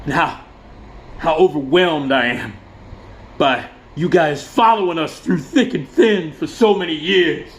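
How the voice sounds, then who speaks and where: Gushing, tearful male rock frontman, a bit higher than the speaker's own voice, as a man spoofs him. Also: normal speed, fairly bright tone. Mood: mock-tearful. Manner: mock-tearful, overwrought banter.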